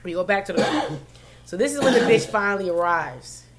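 A woman telling a story in a loose, profane chat. She is animated and swings into loud, laughing bursts, and her pitch sits in an ordinary middle range. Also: normal speed. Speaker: podcast co-host telling a story.

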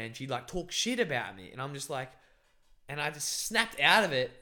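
Young guy, casual podcast-style chat, rambling and sweary, filler-heavy storytelling, medium-pitched voice. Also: normal speed, bright, forceful tone. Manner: rambling, profane, lots of fillers. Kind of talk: casual chat, recounting a dream.

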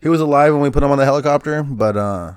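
A man's voice: mid-range voice, very fast, clear, resonant tone, no echo. Laid-back man telling war stories. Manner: laid-back, profane, laughs while telling grim stories. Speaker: guest, former army medic. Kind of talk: casual podcast storytelling.

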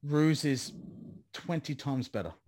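A man's voice: on the high side, lively intonation, unhurried, darkish tone. A young man hosting a casual podcast about games, rambling and enthusiastic, swearing freely. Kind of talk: casual gaming chat.

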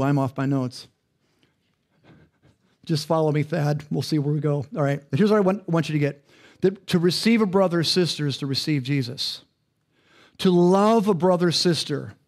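A male pastor preaching a sermon in a conversational, interactive way, often asking the congregation questions. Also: a little high.

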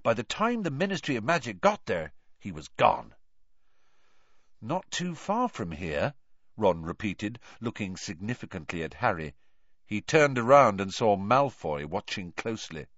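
Man narrator, low voice, animated delivery, dry dull lo-fi recording. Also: normal speed, no echo. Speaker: audiobook narrator. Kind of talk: audiobook reading.

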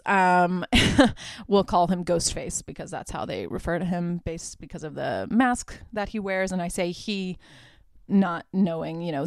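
A woman's voice: on the low side, creaky, a little mellow, no echo. A young woman hosting a podcast, casually retelling movie scenes with lots of fillers and the odd swear word. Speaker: podcast host. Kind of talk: casual movie review chat.

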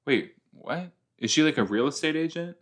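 Animated man reacting in a watch-along. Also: fairly high pitch, normal speed. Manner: exclaiming, chatty, loose and animated. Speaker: podcast host reacting to a TV episode.

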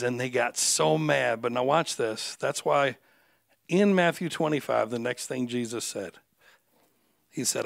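Man, preacher, gravelly voice, dry close sound, lively humorous sermon. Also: medium pitch, measured pace, dry recording. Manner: animated preaching with humor, acts out quoted voices. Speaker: guest preacher.

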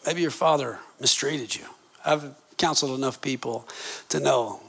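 A man in his fifties preaching a passionate sermon, moving from low, intimate tones to shouted exclamations. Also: moderate pace, vocal fry, slightly rough. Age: 50s. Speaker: pastor.

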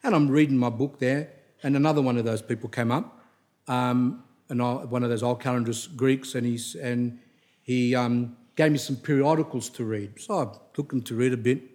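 In a rambling religious talk, a middle-aged man with a medium-pitched, darkish voice speaks at a moderate pace with fairly even intonation. He wanders from anecdote to anecdote and keeps restarting his sentences, and he gets blunt and emphatic when scolding.

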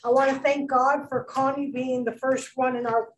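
A middle-aged woman giving a rambling personal tribute at a memorial, halting and full of restarts. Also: high voice, little pitch movement. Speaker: speaker at a memorial. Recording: distant mic with faint background noise.

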